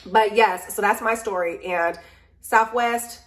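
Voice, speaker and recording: A tired woman vlogging from home, casually and animatedly venting about a ruined trip to her camera. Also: mid-range voice. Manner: animated storytelling, venting, drawn-out complaints.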